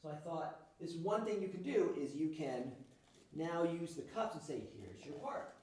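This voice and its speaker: A man's voice: on the high side, lively intonation, moderate pace, a little mellow, far from the mic. Man teaching rhythm in an echoey room. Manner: demonstrative, counts and chants rhythms aloud. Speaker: music teacher leading a workshop. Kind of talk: teaching a group workshop.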